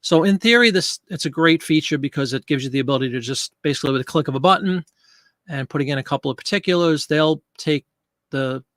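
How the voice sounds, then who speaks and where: A man with a quick, slightly bright voice on the high side hosts a casual live stream from a home studio with a green screen, speaking into a desk microphone with no room sound. He is chatty and jokey, greeting viewers by name.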